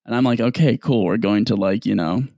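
Young man, casual storyteller, animated, dry close sound. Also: on the low side, fairly quick, creaky, no echo. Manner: animated, swearing, acts out others in dialogue.

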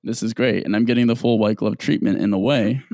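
A young man telling a personal story in a casual, animated way, with some swearing and quick asides in other people's voices. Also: lowish voice, no room sound, studio quality.

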